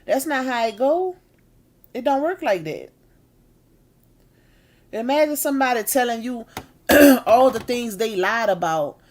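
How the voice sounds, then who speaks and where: A woman hosting a live stream, chatting casually with her viewers and saying she is tired and needs a nap. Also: fairly high pitch. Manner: chatty, drawn-out Southern-style slang with y'all and baby. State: tired and yawning.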